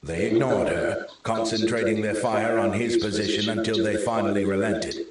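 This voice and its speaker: A man narrating a thriller audiobook in a steady, measured reading. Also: fairly low pitch, recorded from a distance, slight background noise. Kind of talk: scripted narration. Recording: very echoey room.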